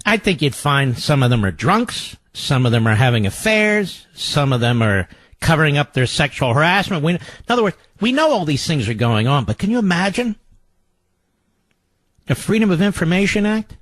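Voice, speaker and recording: A man's voice: a little high, sing-song, moderate pace, fairly bright tone, dry recording. A man hosting a political talk radio show, delivering a sarcastic, mocking monologue.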